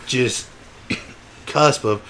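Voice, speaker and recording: With a mid-range voice and drawn-out words, a young man co-hosting a podcast chats casually and tells stories. Slight background noise sits under his animated delivery, full of acted-out quotes and bursts of laughter.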